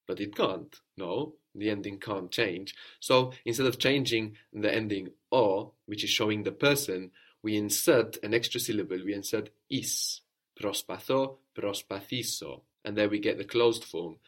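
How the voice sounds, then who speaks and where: A man's voice: on the low side, measured pace. A man teaching a language lesson, patiently prompting a learner and repeating and confirming each answer.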